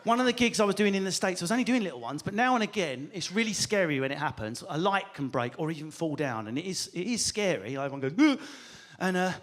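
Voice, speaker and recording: A British man performing a stand-up comedy set, animated and swearing as he acts out characters. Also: sits high, quick pace, few pauses. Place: live comedy venue with audience.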